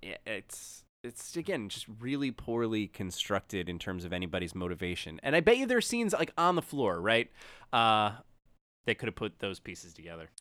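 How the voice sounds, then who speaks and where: Male podcast co-host, clear voice, dry close sound, critical, seeks agreement with tag questions. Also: fairly low pitch, big pitch swings, normal speed, fairly bright tone, no room sound. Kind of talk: casual TV review chat.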